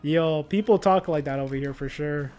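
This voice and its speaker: A man's voice: on the high side, normal speed, darkish tone, soft background music. A young man livestreaming a game, chatting casually and telling stories in a laid-back way with slang. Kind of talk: casual chat while gaming.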